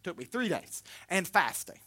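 Bright-voiced Southern preacher man. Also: high voice, sing-song, normal speed, husky. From Florida. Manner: folksy, humorous, swings between loud and soft. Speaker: pastor. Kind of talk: sermon.

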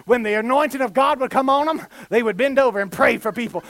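High-voiced fervent male preacher. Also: fast, hardly any pauses. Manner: fervent, rises to shouts, asks rhetorical questions. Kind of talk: sermon.

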